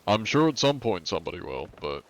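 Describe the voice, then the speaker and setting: A man's voice: fairly low pitch, very animated, brisk, a little hiss or hum. A young man in his twenties chatting casually with viewers on a gaming livestream, with dry, wry jokes. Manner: dry, wry joking with chat. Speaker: streamer.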